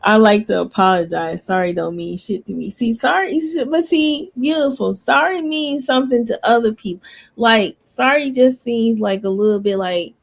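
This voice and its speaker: A woman co-hosting a casual podcast chat, animated and quick to cut in with "listen". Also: fairly high pitch, gravelly. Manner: animated, talks over others, repeats "listen" and "beautiful". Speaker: podcast co-host.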